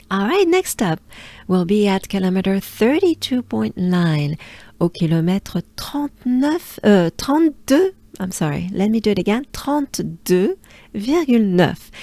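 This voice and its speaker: A woman's voice: mid-range voice, expressive, takes it slowly, gravelly, darkish tone, no room sound. A woman from France with a French accent, giving a patient pronunciation lesson and repeating each sound several times. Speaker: pronunciation coach.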